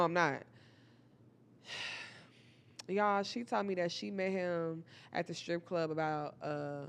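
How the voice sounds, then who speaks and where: A young woman telling a personal story to her viewers in a casual, animated, profane way, often calling out to the audience. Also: lowish voice.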